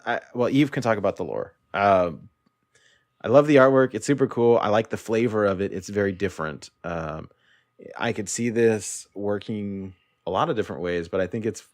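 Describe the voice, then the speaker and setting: A man's voice: on the low side, moderate pace, dry recording, clean studio sound. A man appearing as a podcast guest, chatting casually in a hesitant way with lots of fillers. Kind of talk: casual chat about a card game.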